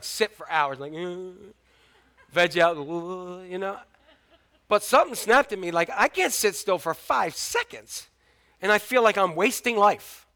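A middle-aged male pastor delivers a lively sermon, joking with his congregation and leaping up in pitch to stress a point. His voice sits high and sounds bright and forceful. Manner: lively preaching, jokes, sudden rises in pitch and loudness.

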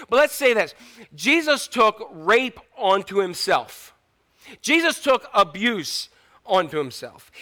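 A man preaching a sermon as pastor, slowing down for dramatic emphasis and acting out quotes. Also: high-pitched, bright, forceful tone.

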